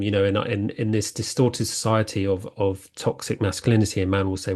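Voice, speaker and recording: A man's voice: lowish voice, flat delivery, darkish tone. A man hosting a spiritual podcast, talking in an earnest, reflective monologue that halts often with fillers and restarts. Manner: halting, with many fillers and restarts.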